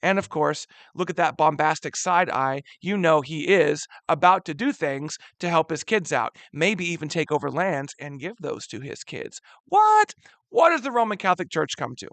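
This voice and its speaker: A man teaching a history lesson in a casual, animated way, using slang and often calling his students "guys.". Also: on the high side, moderate pace, vocal fry, few pauses, no room sound. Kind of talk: casual classroom lecture.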